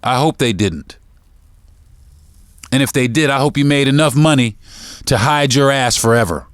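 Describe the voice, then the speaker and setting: Addressing his audience as "folks," a man hosting his own podcast launches into a fired-up opinion rant, repeating himself and restarting sentences as his temper rises. He speaks at a moderate pace in a mid-range voice, with a clean tone and no room sound.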